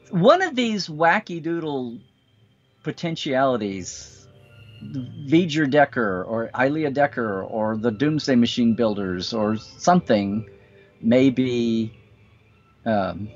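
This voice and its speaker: A man's voice: mid-range voice, lively intonation, darkish tone, faint music behind. Chatty man on dull lo-fi audio. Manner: chatty, quick asides, chuckles often. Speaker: co-host. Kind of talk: casual livestream chat. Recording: dull lo-fi video call audio.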